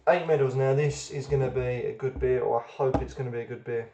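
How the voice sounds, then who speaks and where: A man's voice: medium pitch, fairly even intonation, a little fast, echoey room, dull audio, noisy background. A man hosting a casual beer review video, chatty and rambling, often hesitating as he goes.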